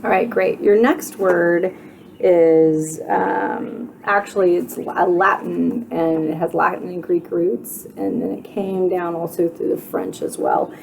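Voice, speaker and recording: A woman teaching spelling at an unhurried, patient pace, spelling words letter by letter and pausing to question her students. Her voice is low and mellow with a gravelly edge. A faint hiss of noise sits under the recording. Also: steady tone. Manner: sounds out letters and syllables slowly, asking questions. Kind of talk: slow, deliberate spelling instruction.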